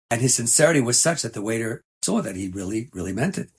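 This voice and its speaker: A man, a rabbi, telling an inspirational story in an animated, emphatic sermon style. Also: mid-range voice, fast talker, hardly any pauses, husky.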